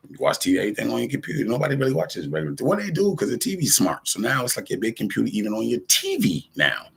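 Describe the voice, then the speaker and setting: A man's voice: mid-range voice, racing, creaky, slightly rough. A man in a casual, rambling monologue, talking in profane street slang, jumping between topics and acting out what other people said. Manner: animated, jumps between topics. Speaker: rapper talking to camera.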